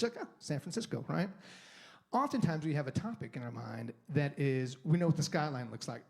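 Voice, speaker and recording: Male guest preacher, chatty and loose, fairly high pitch, acts out his own thoughts. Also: darkish tone. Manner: conversational, rambling with restarts and acted inner monologue. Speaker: guest speaker. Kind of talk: sermon talk. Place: church sanctuary.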